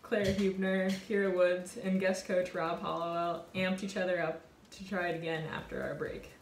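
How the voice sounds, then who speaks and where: A woman in her twenties, a college sailor, telling a reflective personal story in an earnest, warm way. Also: on the low side, little pitch movement, normal speed, roomy sound, slight background noise. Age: 20s. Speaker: college sailor and award winner.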